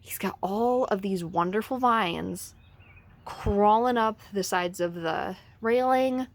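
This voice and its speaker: Woman vlogger, excitable and gushing, casual profanity, outdoors on a porch, handheld camera. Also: medium pitch, slow. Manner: enthusiastic, gushing, swears casually. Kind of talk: casual garden tour vlog.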